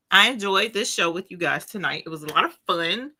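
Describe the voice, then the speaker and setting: Gushing excitable woman host in her forties. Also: on the low side, fairly quick, hardly any pauses, a little hiss or hum. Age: 40s. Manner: talks straight to viewers as "y'all". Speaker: craft show host. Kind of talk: casual live-stream chat.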